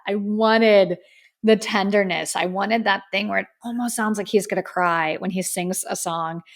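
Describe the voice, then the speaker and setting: A woman hosts a casual music review podcast in an effusive, heartfelt way. Her voice has a gravelly, vocal-fry edge and sits at a middling pitch. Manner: effusive and heartfelt, often says "like". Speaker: podcast host.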